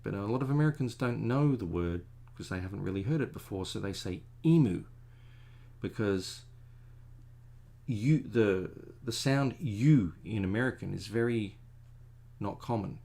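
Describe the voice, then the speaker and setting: Middle-aged man, artist at work, low creaky voice, chatty digressive livestream commentary. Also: normal speed, a little mellow. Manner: chatty, digressive, self-deprecating. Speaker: artist drawing a commission. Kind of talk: casual rambling commentary while drawing.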